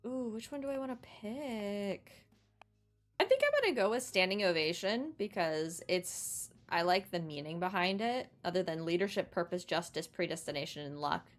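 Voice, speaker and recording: A woman's voice: mid-range voice, expressive, normal speed, soft background music. A young woman giving casual, giggly let's-play commentary as she plays a video game. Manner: chatty, giggly, playful. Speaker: gaming streamer.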